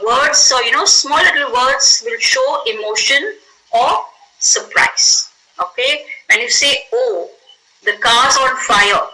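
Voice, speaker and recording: A woman's voice: a little high, bright, forceful tone, rough recording. A woman teaching an English grammar lesson in a classroom, explaining patiently, acting out example exclamations and checking in with "okay?".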